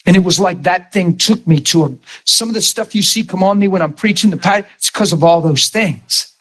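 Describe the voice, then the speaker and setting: Husky preacher man, fiery sermon. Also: high-pitched, a little fast. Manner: testimony swinging from hushed to raised voice.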